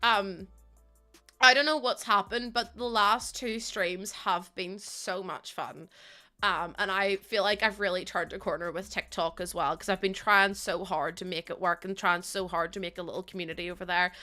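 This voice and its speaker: A young woman live-streams a game from home, speaking at a moderate pace in a steady, sharp, medium-pitched voice. She chats casually with viewers, laughs often, and thanks them one by one. Faint music plays in the background.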